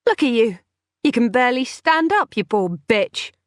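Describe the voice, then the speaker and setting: A woman's voice: fairly high pitch, expressive, a little slow, no echo, clean studio sound, voice pushed up. A woman reading an audiobook, voicing a defiant young woman who holds someone captive and speaks with scornful defiance. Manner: scornful and defiant, hissing when angry.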